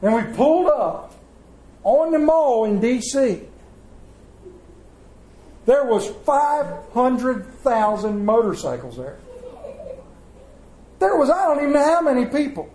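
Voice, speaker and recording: A man's voice: extremely high pitch, very animated, slow pace, long pauses, darkish tone, reverberant, poor audio. A man preaching a sermon in a folksy storytelling way, acting out the voices in his stories. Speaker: pastor. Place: church.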